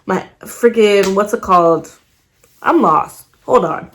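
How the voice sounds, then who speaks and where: A young woman talks straight to the camera in a loose, chatty vlog voice at an ordinary middle pitch. She leans on slang and curses freely, and she acts out what people said as she goes. The whole thing sounds like an unscripted personal story. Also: slow, slight background noise. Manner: slangy, swears freely, animated retelling. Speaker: vlogger.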